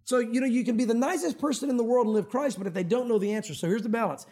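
A man preaching a sermon as a pastor, animated and acting out Bible scenes. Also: very high voice, rapid-fire. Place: church sanctuary.

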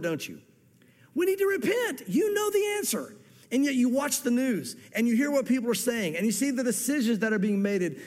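A man preaching a sermon as pastor, fervently quoting scripture and repeating his words for emphasis. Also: very high-pitched. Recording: echoey hall reverb.

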